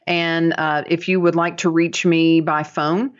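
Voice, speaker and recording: A woman's voice: low voice, flat delivery, measured pace. A woman guesting on a podcast as a dental business coach, talking in an upbeat, chatty way with many fillers. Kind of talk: casual podcast interview. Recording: dull lo-fi audio.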